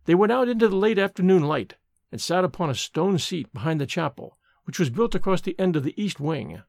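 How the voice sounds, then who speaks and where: Casting: male storybook narrator, gravelly tone, lively pitch, dry close sound. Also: no echo. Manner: expressive, measured storytelling. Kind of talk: scripted narration of a gothic story.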